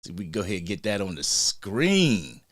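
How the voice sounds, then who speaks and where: A man hosting a sports fan livestream in a casual, hyped way, shouting out people in the chat. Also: low voice, big pitch swings, moderate pace, dry recording, clean studio sound. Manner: hyped, shout-outs to chat, frequent slang.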